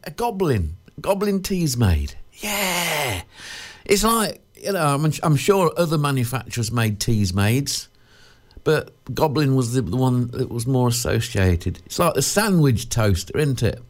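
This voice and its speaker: A man hosting a radio show, rambling and digressing in jokey chatty patter. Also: medium pitch. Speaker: radio presenter. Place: radio studio.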